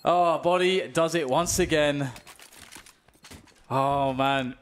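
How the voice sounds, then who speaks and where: A man's voice: slow pace, clear, resonant tone. A man with a British accent giving live play-by-play commentary on an esports match, his voice jumping up on big plays. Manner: excitable, pitch jumps on big plays. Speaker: esports caster.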